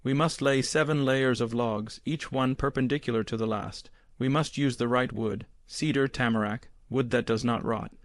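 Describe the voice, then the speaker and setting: A man voicing a weathered older Finnish swamp foreman who speaks slowly and calmly with a Finnish accent. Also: mid-range voice, dry recording, studio quality, natural voice. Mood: patient. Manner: slow, calm, deliberate.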